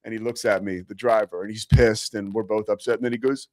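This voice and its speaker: On a sports talk show, a man tells a rambling, self-mocking story packed with fillers in a casual monologue. His voice sits on the low side with fairly even intonation and a brisk pace. The recording is dry, with clean studio sound.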